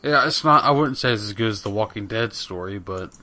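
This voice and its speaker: A man's voice: fairly low pitch, a little fast, sharp tone. A man casually chatting on a gaming podcast, rambling with lots of fillers and swearing. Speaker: podcast co-host.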